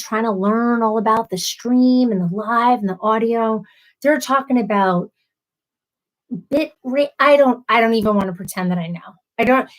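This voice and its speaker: A woman's voice: on the high side, poor audio. Chatty woman hosting a livestream. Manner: chatty, self-deprecating, apologetic. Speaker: livestream host. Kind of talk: casual livestream chat.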